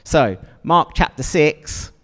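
A man with a slightly high, expressive voice preaches slowly to a congregation in a church hall with long reverb. His sermon is chatty and conversational, and he often asks his listeners questions to check in with them.

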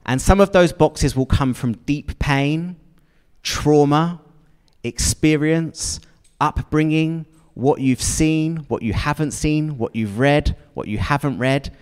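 Preaching in a church hall that leaves a long reverb on the recording, a man keeps his sermon conversational, frequently checking in with the congregation through questions. His voice is a little high yet darkish and clean, and he takes his time.

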